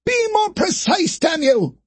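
A man doing a shouting, irritable starship captain. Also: very high-pitched, sing-song, moderate pace, no echo, voice pushed up. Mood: commanding. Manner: barking orders, shouting.

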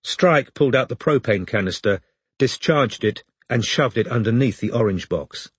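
A man narrating an audiobook in a measured, even reading. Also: mid-range voice, breathy edge, no echo.

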